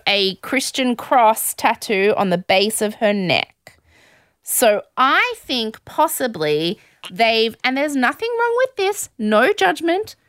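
Woman podcast host, bright and very lively delivery, dry close mic. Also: a little high, no echo. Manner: chatty, animated, quick asides. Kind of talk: casual chat recapping a reality show.

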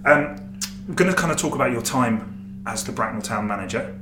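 A man's voice: medium pitch, expressive, brisk. A man hosting a casual podcast in a jokey, chatty, rambling way, often restarting his sentences. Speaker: podcast host. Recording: roomy echo, faint noise.

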